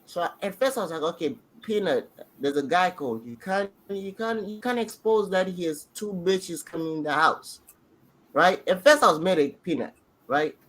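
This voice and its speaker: A man on a podcast excitedly rambling through a show recap, restarting sentences as he goes. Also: high voice, moderate pace, low-quality recording. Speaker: podcast co-host. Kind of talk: casual reaction chat.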